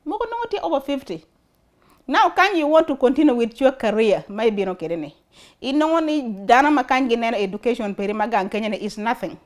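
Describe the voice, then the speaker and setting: A woman with an Acholi accent hosting a talk show, speaking earnestly and putting questions to her viewers. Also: on the high side. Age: adult, studied and worked before emigrating. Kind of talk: casual talk to camera.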